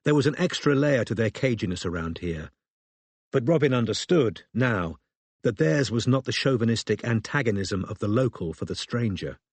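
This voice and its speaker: Male narrator, mid pitch, measured storytelling, dry close read. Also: expressive, no echo. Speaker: audiobook narrator. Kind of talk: scripted narration.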